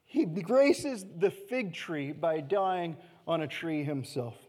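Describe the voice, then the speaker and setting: A man preaching a sermon to his church in a conversational way, often checking in with "okay?" and dropping to soft, quiet phrases. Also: on the high side, animated, slow, big-room sound. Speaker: pastor.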